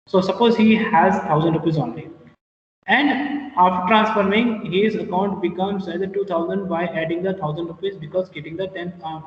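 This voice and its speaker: High-voiced man lecturing in echoey room. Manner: explains slowly with repetitions and fillers. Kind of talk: classroom lecture. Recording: echoey room, distant mic, muffled.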